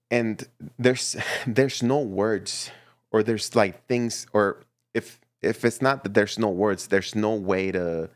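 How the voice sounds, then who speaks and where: A man giving a casual, playful tarot reading to his viewers, chatty and quick to laugh. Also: low voice, dry recording. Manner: chatty and playful, laughs often, repeats himself. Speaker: tarot reader.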